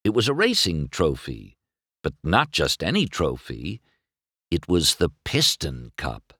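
Slow, highly expressive male storyteller. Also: husky, no echo, clean studio sound. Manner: expressive, dramatic read-aloud. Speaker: narrator. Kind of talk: storybook reading.

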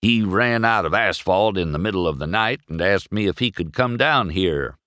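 A man's voice: low voice, animated, normal speed, fairly bright tone, dry recording, studio quality. A man voicing an easygoing old male sheriff car with a chuckling drawl in a storybook reading. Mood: amused.

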